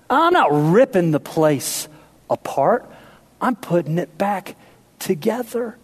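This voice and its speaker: A male pastor with a high-sitting voice and big pitch swings preaches slowly. At times he plays with the congregation, and at others he drops into hushed, intense appeals.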